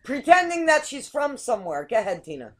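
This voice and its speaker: A woman's voice: high-pitched, sing-song, a little fast, slight background noise. A woman hosting a casual online talk show over a video call, chatty and hesitant, often repeating words. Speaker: host.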